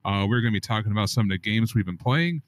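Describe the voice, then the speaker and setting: A man hosting a casual gaming podcast in a playful, joking way, with a baritone voice. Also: lively intonation, fast. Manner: playful, hypes his own baritone. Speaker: podcast host.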